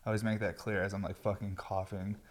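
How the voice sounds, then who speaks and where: Stoned, low-voiced man rambling casually. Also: flat delivery, quick pace. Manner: laid-back, rambling, swears freely. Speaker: podcast host. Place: home garage.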